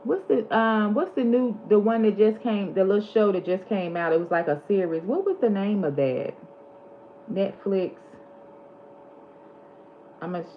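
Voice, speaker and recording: Chatty woman vlogger, lo-fi audio. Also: mid-range voice. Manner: animated, gossipy retelling of movie scenes. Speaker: vlog host. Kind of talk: casual chat. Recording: slightly dull lo-fi audio with faint background hiss.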